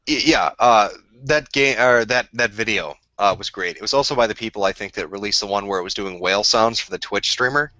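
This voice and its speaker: A man co-hosting a casual stream, blunt and profane with quick opinions. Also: lowish voice, pushed and bright, no echo. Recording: dull lo-fi dry voice chat.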